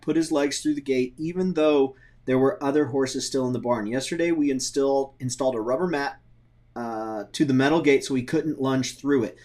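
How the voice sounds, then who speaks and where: A man co-hosting a show, reading viewer questions aloud in a slow, measured way. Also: fairly high pitch, a little mellow.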